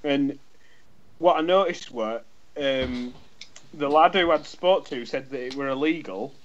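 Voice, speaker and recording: A man's voice: mid-range voice, measured pace, lo-fi sound. A man, co-hosting a podcast and telling a rambling anecdote in casual chat, swearing freely and acting out both sides of a conversation. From England. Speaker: podcast co-host.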